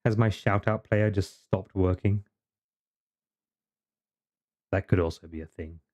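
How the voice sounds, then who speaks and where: A man's voice: sits low, fairly even intonation, measured pace, darkish tone, dull audio. A man live-streaming a video game, chatting casually with viewers, swearing often and teasing in mock-grumpy banter. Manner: greets and chats with viewers while playing.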